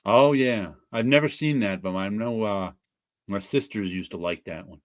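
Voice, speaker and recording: A man's voice: lowish voice, normal speed, no room sound. A man hosting a casual podcast chat about comics, talkative, laughing often and teasing his guests. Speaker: podcast host.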